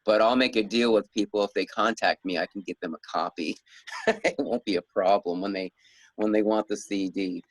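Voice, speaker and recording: A man's voice: on the low side, steady tone, moderate pace, no echo, poor audio. Chatty man, dry close sound. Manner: rambling, chuckles often, many restarts. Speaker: guest author. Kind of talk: casual interview talk.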